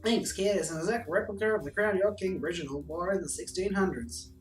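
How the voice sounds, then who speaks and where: A man's voice: high-pitched, fairly quick, lightly acted. Man doing a swaggering cowboy governor, folksy and boastful, roomy and distant, music behind. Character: brash cowboy-style American governor, self-important. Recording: roomy, distant sound under background music.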